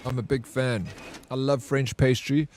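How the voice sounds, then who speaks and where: A man's voice: medium pitch, fairly even intonation, unhurried, darkish tone, a little hiss or hum. Joking South African man streaming games. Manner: joking, teasing banter, greets and thanks viewers. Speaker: variety streamer. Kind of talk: casual live-stream chat while gaming.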